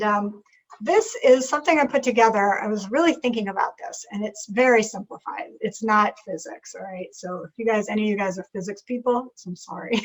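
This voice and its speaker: A woman leading a live group workshop as a leadership coach, talking in an animated way and acting out inner voices. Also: mid-range voice, poor audio.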